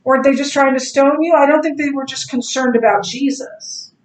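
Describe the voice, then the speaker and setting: A middle-aged woman teaching a Bible class in a casual, animated way, telling stories and laughing easily. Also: high-pitched, fairly quick. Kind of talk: casual classroom lecture with anecdotes. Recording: echoey classroom, distant mic.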